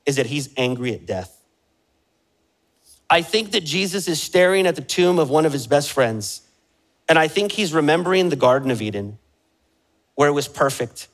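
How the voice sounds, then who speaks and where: A male pastor preaching a passionate sermon in a voice pitched a little higher than most men's. He swings between rising emphasis and quieter stretches, and he keeps turning to the congregation with direct questions. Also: low-quality recording. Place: church sanctuary.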